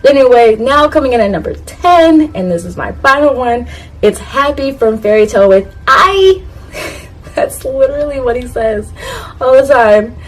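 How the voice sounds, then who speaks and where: A woman's voice: a little high, normal speed, a little mellow, poor audio. A woman vlogging to camera in a casual, rambling way, laughing at herself and talking straight to her viewers. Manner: talks straight to her viewers, asks them to comment. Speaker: YouTuber ranking anime catchphrases.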